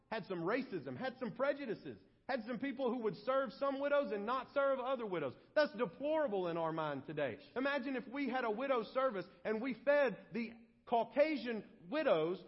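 High-voiced man preaching in a reverberant hall. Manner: impassioned preaching that swings from hushed to loud. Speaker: pastor. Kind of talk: sermon. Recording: long hall reverb, dull lo-fi sound.

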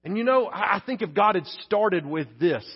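A man preaching a sermon in a conversational way, swinging from hushed to emphatic and acting out little asides. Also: high voice, expressive, moderate pace, breathy edge, muffled recording. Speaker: pastor.

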